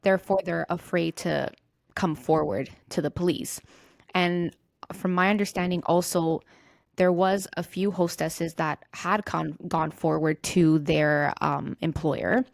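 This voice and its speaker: A woman with a low, gravelly voice narrates a true-crime story for a podcast. She reads from a script, stumbling and restarting now and then. Her own mic on a remote call gives a dry, close sound. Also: steady tone, a little slow, dry recording. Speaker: podcast host.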